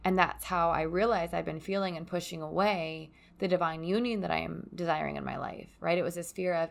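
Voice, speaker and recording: A young woman hosting a podcast from home, speaking softly in a reflective, confessional solo monologue. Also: on the low side, fairly even intonation, brisk, vocal fry, hardly any pauses. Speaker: podcast host. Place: at home by a window onto a yard.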